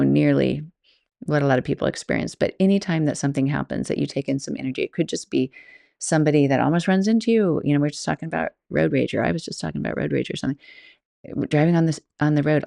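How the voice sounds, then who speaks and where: Woman with heavy vocal fry. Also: low voice, mellow, dry recording, clean studio sound. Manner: chatty, rambling, laughs often. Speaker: podcast host and yoga teacher. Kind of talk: casual storytelling monologue.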